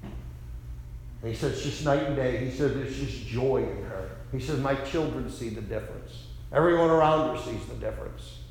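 A middle-aged male pastor preaching a revival sermon, telling a story with fervor, rising to loud declarations and dropping to hushed quotes. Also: medium pitch, moderate pace, creaky, a little hiss or hum. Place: large church sanctuary. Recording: very echoey church hall reverb.

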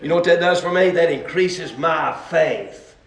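A man preaching a testimony sermon, swinging from shouts to hushed talk. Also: on the high side, normal speed. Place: church hall. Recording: echoey hall from far off.

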